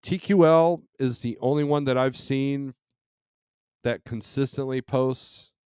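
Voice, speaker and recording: Speaking slowly in a mid-range voice that is a little mellow and smooth, a middle-aged man hosts a trucking live stream. He reads and answers chat in a loose, rambling way, full of restarts and fillers, in studio quality with no room sound.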